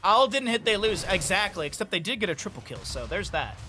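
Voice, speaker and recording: A man's voice: high voice, brisk, a little hiss or hum. Chatty young man casting a game. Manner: chatty, jumps from banter to excited play-by-play. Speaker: esports caster. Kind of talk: solo game commentary.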